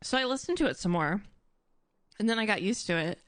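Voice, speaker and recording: A woman live-streaming casual chat to her audience, animated and admittedly dramatic. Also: medium pitch, fairly quick, clean tone, no room sound. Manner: animated and self-described dramatic.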